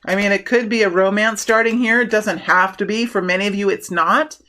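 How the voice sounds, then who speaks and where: A woman giving a casual tarot reading, animated and prone to excited bursts, often restarting her sentences. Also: medium pitch, fairly quick. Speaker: tarot reader.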